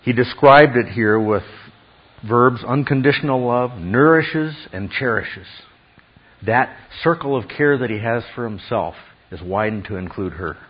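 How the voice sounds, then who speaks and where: Male preacher, husky and emphatic, dull lo-fi sound, asks "okay?" between points. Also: mid-range voice, measured pace. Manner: emphatic, with acted quotes and frequent "okay?". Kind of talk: sermon.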